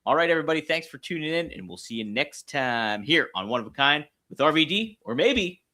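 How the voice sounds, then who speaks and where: A man's voice: fairly high pitch, very animated, brisk, pushed and bright. A man co-hosting a casual wrestling podcast, upbeat and encouraging, laughing often and wrapping up the show. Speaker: podcast co-host.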